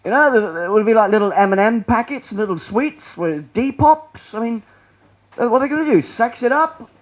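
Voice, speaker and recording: A man with a very high, expressive voice talks fairly quickly in a muffled recording. He's a public speaker giving a rambling, sarcastic presentation to a lecture-room audience, frequently restarting his sentences.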